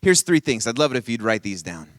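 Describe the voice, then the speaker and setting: A male camp speaker preaches with lively, swinging pitch and a bright, forceful edge. His voice sits a little high for a man and sounds close and dry. He plays with the audience and coaxes them to shout back. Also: fast talker, no room sound. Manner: animated, playful, coaxing the audience. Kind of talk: energetic youth sermon with crowd call-and-response. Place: camp conference session.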